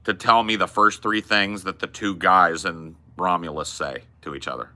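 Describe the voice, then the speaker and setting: A man's voice: low-pitched, fairly even intonation, moderate pace, hardly any pauses, bright, forceful tone. A man hosting a podcast, riffing in casual, profane and emphatic chat about movies. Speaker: podcast host.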